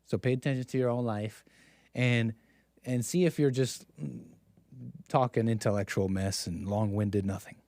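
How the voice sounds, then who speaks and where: A man's voice: fairly low pitch, steady tone, normal speed, darkish tone, dry recording. A man hosting a live stream, talking in a sarcastic, mocking, rambling monologue. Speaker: stream host.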